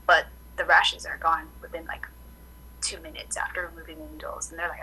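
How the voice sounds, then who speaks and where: A woman acupuncturist chatting casually in an interview, telling animated stories full of "like" fillers. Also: low-pitched, a little fast, husky, poor audio. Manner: animated storytelling, many "like" fillers. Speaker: acupuncturist guest.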